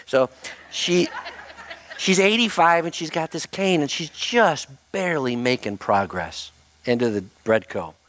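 A man's voice: medium pitch, dry recording. Storytelling pastor, a man, dry sound. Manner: animated, self-mocking anecdote with laughs. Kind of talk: storytelling sermon.

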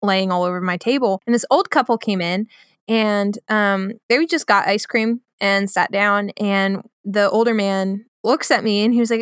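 A woman's voice: mid-range voice, normal speed, clean tone, no echo, clean studio sound. A woman in her twenties telling a story in casual podcast chat, acting out the voices of the people in it. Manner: animated, acts out voices in her stories.

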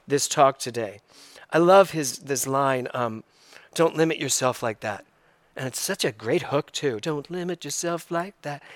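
A male minister delivers a sermon in a fairly high voice, reflective and unhurried. He circles back to key phrases again and again for emphasis. The sound is dry and close, with no room echo.

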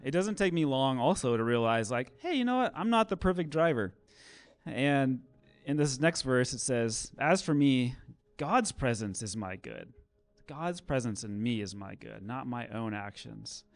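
A man's voice: mid-range voice, a little slow, creaky, no room sound. A man closing a church service, talking casually and animatedly, with lots of "um" and "like", then leading a prayer. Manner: conversational, animated storytelling with fillers.

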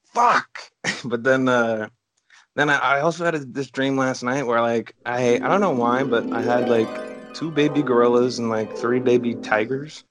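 A relaxed man co-hosting a casual chat podcast. He strings his thoughts together with constant "like"s and casual swearing, at an ordinary middle pitch. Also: normal speed, faint music behind. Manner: laid-back, heavy on "like", frequent swearing. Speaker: podcast co-host.

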